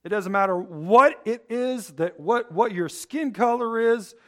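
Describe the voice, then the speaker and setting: A man's voice: high-pitched, measured pace. A man preaching a sermon, rambling with humorous asides and asking the congregation to fill in the words. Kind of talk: sermon with call-and-response.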